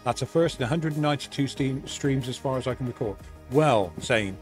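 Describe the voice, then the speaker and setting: A man's voice: mid-range voice, fairly quick, faint music behind. A man co-hosting a live stream, casually reading things off the screen and answering viewers. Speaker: studio co-host running the stream.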